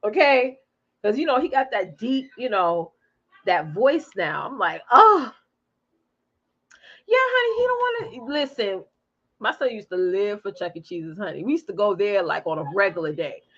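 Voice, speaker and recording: Animated, chatty woman on a muffled stream. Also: mid-range voice, normal speed. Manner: animated, chatty, reads out viewer comments. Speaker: live stream host. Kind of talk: casual chat with live viewers. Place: home.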